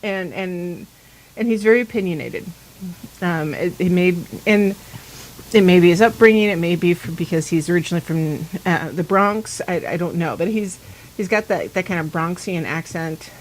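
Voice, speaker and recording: A woman hosting a pagan talk show, telling a rambling, animated story in casual chat and acting out the dialogue she quotes. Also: fairly low pitch, normal speed, slight background noise, low-quality recording.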